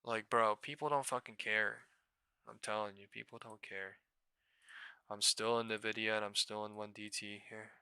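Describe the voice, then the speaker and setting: A young man hosting a live trading stream, ranting in a profane, exasperated way with sudden bursts of loudness. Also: fairly low pitch, fairly even intonation, normal speed, clean tone, dry recording. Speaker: stock trading livestream host.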